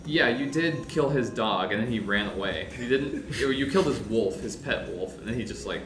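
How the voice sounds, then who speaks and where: A man's voice: mid-range voice, expressive, normal speed. A young man running a tabletop game, recapping the last session in a loose, laughing way with lots of fillers. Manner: casual, laughing, filler-heavy. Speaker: game master. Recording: roomy with background noise.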